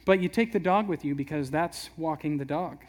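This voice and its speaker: A man with a high voice preaches in a relaxed, chatty way. He slips into quick little voices to act out everyday scenes. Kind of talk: casual sermon.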